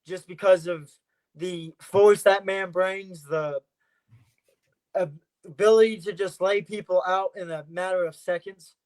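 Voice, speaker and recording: High-voiced boastful wrestler man. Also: fairly even intonation, unhurried, darkish tone. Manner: boastful trash talk, repeats his points. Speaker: professional wrestler, podcast guest. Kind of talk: casual podcast interview.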